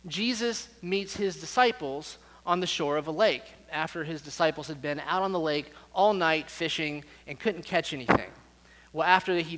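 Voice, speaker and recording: In a reverberant church sanctuary, a pastor with a fairly high-pitched, fairly bright voice delivers a sermon built around storytelling. He tells his stories conversationally and often repeats words as he goes.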